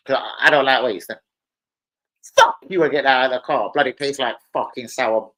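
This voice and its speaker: A man talks loosely on his live stream, rambling between topics. He leans on slang and swears all the time. His voice sits at an ordinary middle pitch. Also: brisk, bright, forceful tone, poor audio. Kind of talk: casual live stream chat. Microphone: streaming setup mic.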